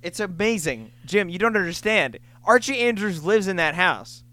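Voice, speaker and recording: Bright-voiced co-host firing off quips. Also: medium pitch, lively intonation. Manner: quick quips, exclamations, laughing. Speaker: podcast co-host. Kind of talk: casual comedic chat.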